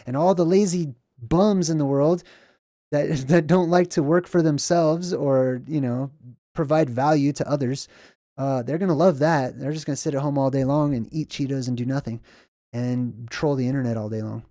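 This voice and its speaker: A man's voice: fairly high pitch, moderate pace, mellow, dry recording, clean studio sound. A man hosting a casual livestream, reading the chat and ranting in a rambling, emphatic way that repeats itself, indoors in a lamp-lit room.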